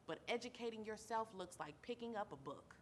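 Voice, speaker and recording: A worn-out mother hosts her own show, speaking in a medium-pitched, lively voice a touch on the fast side, with slight hiss or hum in the audio. Her heartfelt, earnest monologue repeats phrases for emphasis and addresses listeners as baby.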